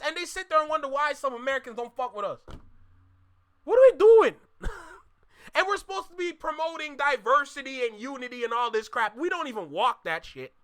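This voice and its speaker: A young man reacting on a live stream in casual, slangy talk, excitable, jumping from loud outbursts to low muttering.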